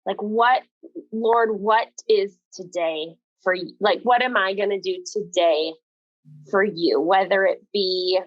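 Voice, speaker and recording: A woman in her twenties, a podcast guest, telling a personal story in an earnest, animated way and laughing often. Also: mid-range voice, takes it slowly, no room sound, dull audio. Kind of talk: casual conversational interview.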